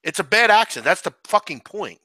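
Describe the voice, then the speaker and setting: Animated, bright-voiced man in sports banter. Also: high-pitched, fairly quick, no room sound, poor audio. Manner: animated, swears freely, teasing. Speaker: sports betting co-host. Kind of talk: casual live betting chat.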